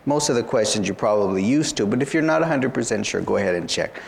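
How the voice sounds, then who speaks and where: A man's voice: lowish voice, animated, quick pace, vocal fry, a little hiss or hum. A man tutoring students for an interview exam, explaining each point patiently and often saying "you know". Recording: long hall reverb.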